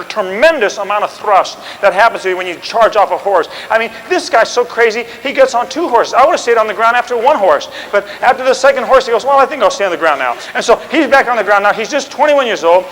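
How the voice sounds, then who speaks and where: A man telling history as an oral story, animated and chatty, with asides and restarts. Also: very high voice, big-room sound, rough recording.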